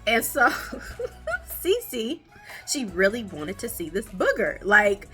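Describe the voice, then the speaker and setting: A woman's voice: takes it slowly, slightly rough, soft background music. A young woman, hosting a podcast about her toddlers, chatting casually and laughing often. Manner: animated, laughing, high playful voices when quoting her kids. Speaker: podcast host, mother of twin toddlers. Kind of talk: casual storytelling chat.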